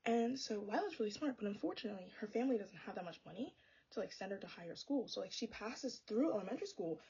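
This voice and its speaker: Brief: young woman book vlogger, husky, rapid-fire, sassy and exasperated, slightly dull lo-fi sound. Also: mid-range voice, animated, darkish tone. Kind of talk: casual chatty book review.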